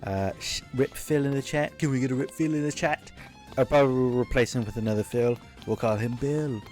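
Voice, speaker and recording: Over faint background music, a man with a medium-pitched, slightly mellow voice gives a little-fast, rambling commentary on his own gameplay as a gaming YouTuber. He's jokey and keeps correcting himself.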